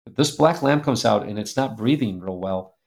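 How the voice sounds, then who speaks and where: A man speaking as an interview guest, telling an earnest, emotional story with an animated delivery that drops to a soft hush at tender moments. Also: fairly low pitch, normal speed. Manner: animated, acts out quoted voices. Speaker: guest speaker, publisher founder.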